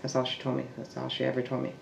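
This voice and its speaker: A man with a gravelly, creaky voice recounts a family story in a halting, searching way. He restarts sentences often and sometimes sinks into a hush. He is recorded in an echoey room with a faint noise underneath. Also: medium pitch, completely flat delivery. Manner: halting, with restarts and trailing fillers. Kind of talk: oral history storytelling.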